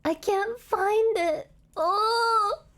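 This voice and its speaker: A woman's voice: extremely high pitch, lively intonation, measured pace. A woman streamer chatting casually on a live stream, giggly, rambling and apologetic, with bad hiccups.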